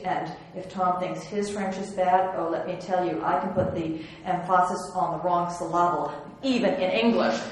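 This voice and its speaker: A woman giving a slide lecture on historical prints, chatty and wry, with many ums and restarts. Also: mid-range voice. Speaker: museum curator giving an illustrated lecture. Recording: very echoey room with faint hiss.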